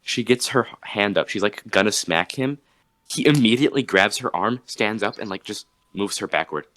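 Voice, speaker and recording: A man's voice: on the low side, normal speed, a bit bright, no room sound. A young man on a podcast, chatting casually and telling a rambling story with many restarts. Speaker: podcast host. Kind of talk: casual chat.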